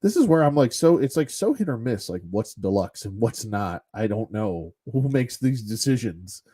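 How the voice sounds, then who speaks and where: A man's voice: fairly low pitch, very animated, moderate pace, mellow, breathy edge. A man casually reviewing action figures off the cuff, rambling and blunt, with some mild cursing. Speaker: toy collector reviewer. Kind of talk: casual unscripted toy review.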